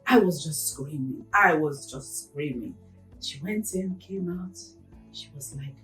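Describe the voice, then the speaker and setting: An earnest woman in her forties tells a painful story from her past, often sinking to a hushed near-whisper. Her voice sits a little low. She sounds set back from the mic in a roomy space, with faint music underneath. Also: unhurried, recorded from a distance. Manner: earnest, reflective, with hushed moments. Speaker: interview guest, counsellor. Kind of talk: emotional personal storytelling.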